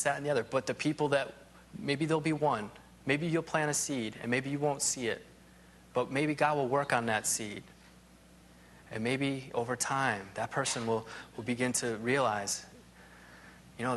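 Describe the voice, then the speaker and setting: A man of middle pitch giving a Bible lesson, speaking in a relaxed, unscripted way. He wanders through asides and restarts his thoughts as he goes. His tone stays friendly and plain throughout. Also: slight background noise. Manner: rambling, full of "you know" asides and restarts. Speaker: Bible teacher. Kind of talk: conversational Bible teaching.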